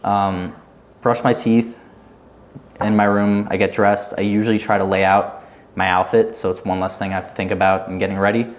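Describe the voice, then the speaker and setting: A young adult man on a podcast speaks at normal speed in a lowish, flat voice. As a guest, he chats loosely and rambles, using "like" over and over.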